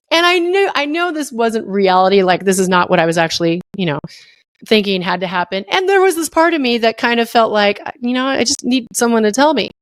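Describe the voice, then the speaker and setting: A middle-aged woman hosting a casual solo podcast, animated and playful, acting out little voices as she talks. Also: a little high, a little fast, no echo, clean studio sound. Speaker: podcast host.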